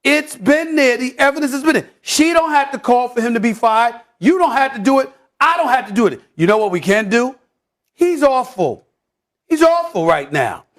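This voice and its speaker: A man hosting a heated sports debate, loud and theatrical, stammering and repeating words when worked up. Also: very high-pitched, animated, moderate pace.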